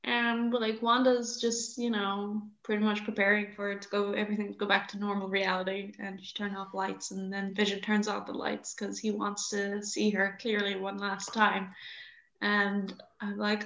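Young woman, bright sharp voice, gushy and chatty, dull echoey room mic. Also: mid-range voice, completely flat delivery, moderate pace. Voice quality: chatty, lots of fillers, gushing. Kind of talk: casual chat.

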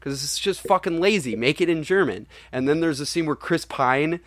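A man's voice: fairly high pitch, normal speed, no room sound, clean studio sound. A young man, the podcast host, reviewing a film in casual, rambling chat and swearing freely. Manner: animated, profane, rambling.

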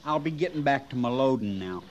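A man's voice: medium pitch, expressive, a little fast, muffled recording, a little hiss or hum, close to an everyday voice. An actor playing a young cavalry trooper, sulky and grumbling at his sergeant. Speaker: army trooper. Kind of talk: vintage TV western drama.

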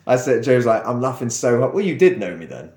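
A man's voice: mid-range voice, big pitch swings, brisk, a little mellow, roomy sound. A young man telling a story on a podcast, rambling and laughing as he goes. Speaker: podcast co-host. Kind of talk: casual storytelling chat.

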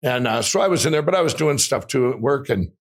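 A man, a guest in an interview, telling a long personal story in an animated way, with frequent restarts and acted-out quotes. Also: mid-range voice, fast. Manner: animated, restarts often, acts out quoted voices.

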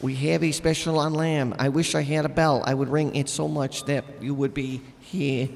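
A man's voice: fairly high pitch, level tone, moderate pace, creaky. A man voicing an overeager meat-department clerk who makes a hammy, repetitive announcement over the store intercom in a comedy skit. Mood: eager.

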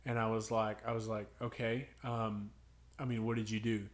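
A man's voice: fairly low pitch, level tone, normal speed. A young man co-hosting a podcast, chatting casually and telling funny stories with voices for the kids. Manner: storytelling, acting out kids' voices, laughing. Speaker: podcast co-host. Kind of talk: casual chat.

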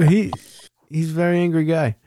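A man's voice: a little high, fairly even intonation, normal speed, warm tone, dry recording. A young man co-hosting a casual chat show, swearing freely and laughing through his stories. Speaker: podcast co-host.

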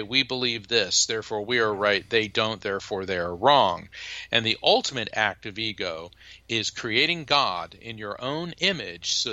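A man who is a guest in an interview, talking as a lively, emphatic storyteller. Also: fairly low pitch, dry recording. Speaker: psychic medium and lawyer, guest. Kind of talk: interview conversation.

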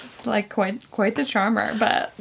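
A woman's voice: medium pitch, steady tone, unhurried, vocal fry, slightly rough. A woman co-hosting a casual book chat in a laid-back, agreeable way, often trailing off mid-thought. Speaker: podcast co-host.

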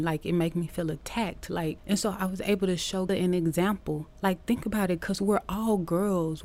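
A woman hosting a podcast, talking casually about teaching and acting out lively quotes from her classroom. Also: medium pitch. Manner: animated storytelling, acting out quotes.

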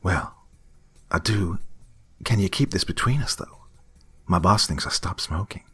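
A man's voice: sits low, unhurried, a bit bright, breathy edge, full character voice. A man voicing a friendly young waitress with a slight Southern accent, in a spoken horror story. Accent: slight Southern US (figure).

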